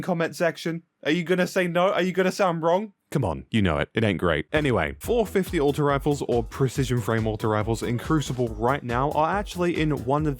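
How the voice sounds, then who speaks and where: Give me a jokey man hosting a gaming video, average pitch, with quiet music behind him. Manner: jokey, rambling, talks back to viewers. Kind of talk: casual gaming commentary.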